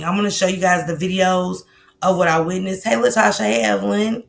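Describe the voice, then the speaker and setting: A livestream host with a mid-range, gravelly, fairly bright voice speaks at normal speed in a steady tone. She talks casually into her computer mic, calling out chat viewers by name between sentences. Her style is loose, with fillers and asides throughout.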